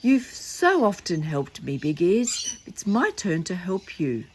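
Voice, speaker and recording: A man's voice: high-pitched, very animated, slow pace, a little hiss or hum, exaggerated voice. A woman reading the part of a cheerful little toy boy, eager and fussing over his friend.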